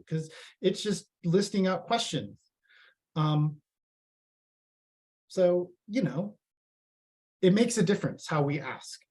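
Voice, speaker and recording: A man's voice: high-pitched, darkish tone. A man giving a casual, chatty live tech presentation and reading audience comments aloud.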